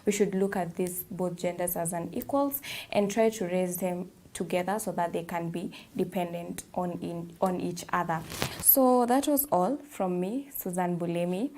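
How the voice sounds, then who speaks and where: A woman's voice: on the low side, moderate pace, a little mellow, a little hiss or hum. Woman host, attentive and affirming. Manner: attentive, frequent short affirmations. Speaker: talk show host. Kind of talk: interviewing and presenting.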